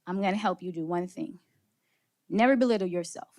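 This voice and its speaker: A woman's voice: lowish voice, brisk. A woman giving an interactive motivational workshop talk to a live audience, moving among them and asking questions, a little out of breath. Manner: energetic, engages audience with questions and laughs. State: slightly out of breath. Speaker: speaker leading a workshop session. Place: conference room with live audience.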